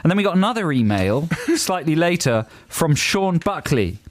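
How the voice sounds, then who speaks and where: A man's voice: fairly high pitch, sing-song, moderate pace, no echo. A man co-hosting a comic radio show, bantering playfully and reading out listener emails. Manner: playful, laughs often, banters. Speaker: radio co-host.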